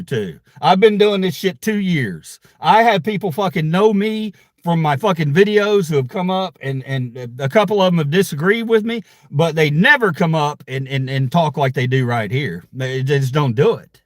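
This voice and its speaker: Furious, swearing man with a lively pitch. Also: moderate pace, no echo, studio quality. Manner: heated, profane, confrontational. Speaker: channel host. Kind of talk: angry livestream rant.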